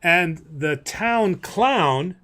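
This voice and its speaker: A priest with a fairly high voice explains things on a livestream in a loose, rambling way. He fills pauses with ums, restarts his sentences and laughs easily. He keeps a casual, teaching tone. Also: animated, bright, forceful tone. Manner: chatty, laughs easily, many fillers and restarts.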